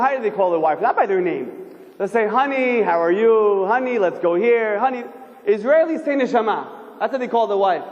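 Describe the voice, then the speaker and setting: A man giving a sermon as a rabbi, animated and firing rhetorical questions at his listeners. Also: sits high, dull audio. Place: synagogue hall. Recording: echoey hall, long reverb.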